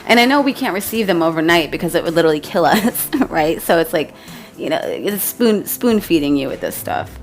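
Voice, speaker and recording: A woman's voice: lowish voice, animated, a little fast, soft background music. A woman telling a spiritual story to her viewers in a rambling, casual way, with many fillers and laughs. She says she is exhausted. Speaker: spiritual vlogger.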